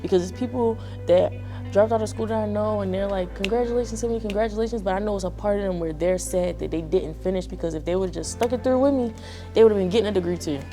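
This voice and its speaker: A woman's voice: mid-range voice, quick pace, music in the background. A young woman in her early twenties, a graduating college student, giving a heartfelt, conversational testimonial. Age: early 20s. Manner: earnest, heartfelt, conversational with many "like"s. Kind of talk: personal testimonial talk.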